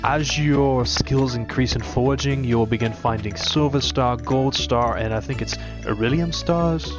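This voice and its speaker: A man at an ordinary mid pitch, talking casually as he plays and walks viewers through tips. Clear game music plays behind his voice throughout. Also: normal speed. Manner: chatty, explains tips to viewers. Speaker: let's play streamer. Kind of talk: casual gameplay commentary.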